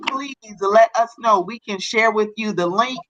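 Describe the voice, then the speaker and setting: A woman hosts a casual live-streamed talk show, her voice bright and forward. She chats in an encouraging way and often repeats herself as she wraps up. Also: a little high, unhurried, muffled recording.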